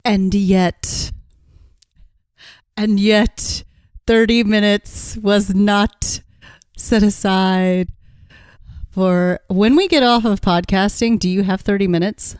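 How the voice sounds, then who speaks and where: A woman's voice: mid-range voice, fairly even intonation, slow, pauses often, darkish tone, smooth, dry recording, studio quality. A woman co-hosting a podcast in casual chat, encouraging and coaching her co-host. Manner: encouraging, coaching tone, pushes the other to act.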